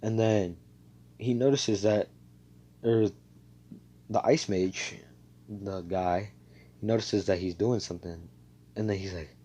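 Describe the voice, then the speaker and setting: Over a voice call picked up by a computer mic, a man casually spins an improvised fan story, rambling and swearing, with lots of fillers and self-corrections. His voice is low and dark with a breathy edge, and he talks a little slowly.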